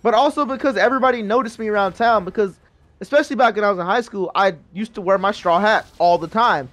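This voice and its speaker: Very high-voiced young man telling a story. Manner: animated, laughs often, swears freely, acts out quotes. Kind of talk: casual storytelling over game voice chat.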